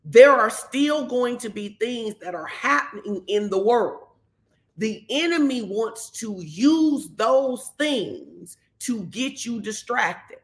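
A woman pastor, giving a conversational sermon and telling stories lively, acting out the quotes. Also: on the high side, takes it slowly. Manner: animated storytelling, acts out quotes.

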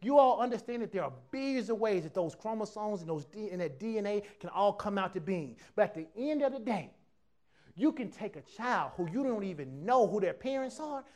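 A man preaching a lively sermon to a church congregation, talking casually and acting out other people's voices as he goes. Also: sits high, a little fast. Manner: animated preaching, acts out quoted voices, casual dialect. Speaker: pastor.

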